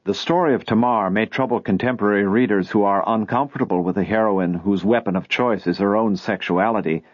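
A man narrating a nonfiction audiobook in a measured, explanatory way. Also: fairly low pitch, no echo, lo-fi sound.

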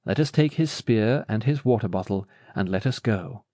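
A man's voice: lowish voice, expressive, normal speed, dark tone, dry recording, clean studio sound, natural voice. A man voicing an earnest young future king in a Bible storybook, solemn and pleading.

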